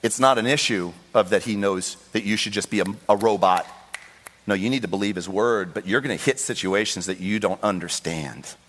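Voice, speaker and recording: A male pastor preaching a sermon with passion, acting out the voices in the Bible story and rising to high, pleading cries. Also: fairly quick, a bit bright. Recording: long hall reverb.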